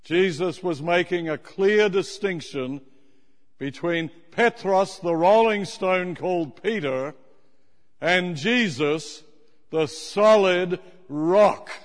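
Male preacher, unhurried and emphatic, playful with the congregation, recorded in a reverberant hall. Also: high-pitched. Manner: emphatic, slowing to stress key words, teasing the congregation. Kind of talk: sermon.

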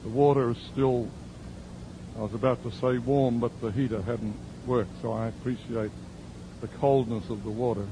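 A man's voice: mid-range voice, steady tone, normal speed, background noise. A male pastor preaching a sermon as a story, with dry, sarcastic asides.

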